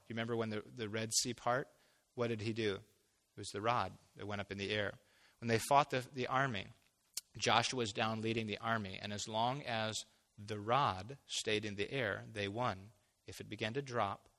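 A man preaching a conversational sermon, acting out imagined dialogue and building to loud, emphatic peaks. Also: mid-range voice, in a large hall.

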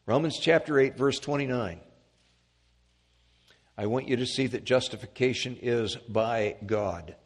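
A man preaching a sermon, emphatic, swinging from loud peaks to quiet asides. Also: unhurried, long pauses, slightly rough. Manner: emphatic, rising to loud peaks then dropping low. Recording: long hall reverb.

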